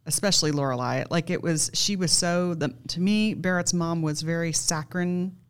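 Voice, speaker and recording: A woman's voice: on the low side, normal speed, clean tone. A woman in casual book-club chat, thoughtful and a little self-deprecating. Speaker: book club podcast host.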